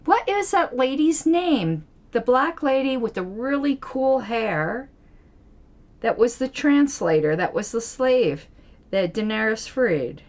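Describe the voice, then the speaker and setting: A woman's voice: a little high, animated, slow. A woman hosting her own channel, rambling through a casual discussion of a TV episode, laughing often and thinking aloud as she tries to recall names. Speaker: political commentary channel host.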